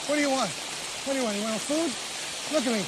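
Soaked, exasperated man, wheedling, high voice, pounding rain behind. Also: brisk, background noise. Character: flustered grown man in the rain, coaxing a dinosaur. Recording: film clip under loud rain. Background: heavy rain.

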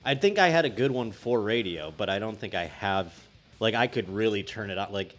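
Laid-back low-voiced podcast host. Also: male voice, expressive, fairly quick, a bit bright. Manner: loose, laughing, slips into mock announcer voices. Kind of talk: casual chat.

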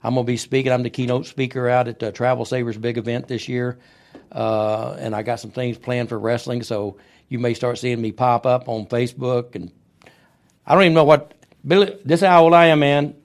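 Older man, relaxed rambling podcast guest. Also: medium pitch, a little fast. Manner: relaxed, rambling, with many fillers. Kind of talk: casual interview chat.

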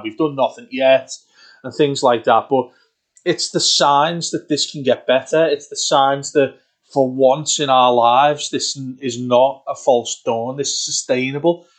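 A man co-hosting a casual football podcast, talking in a rambling, excitable way with many restarts. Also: mid-range voice. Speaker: podcast co-host.

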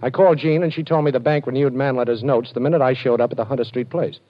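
An actor playing a cool, wisecracking male detective in a 1940s radio drama, wry and quick with a joke. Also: mid-range voice, steady tone, lightly acted. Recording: dull old radio recording.

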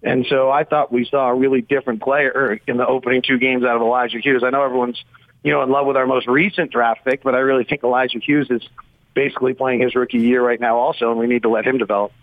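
A man's voice: mid-range voice, flat delivery, fast, no echo. Rambling man analysing basketball over a phone line. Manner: rambling, thinking aloud with fillers. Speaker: team radio broadcaster, guest. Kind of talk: casual sports radio analysis.

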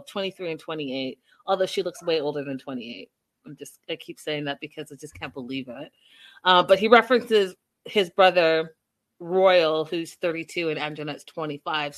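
A woman's voice: fairly low pitch, a bit bright. A woman hosting a live recap chat who talks casually and addresses her viewers directly. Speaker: host.

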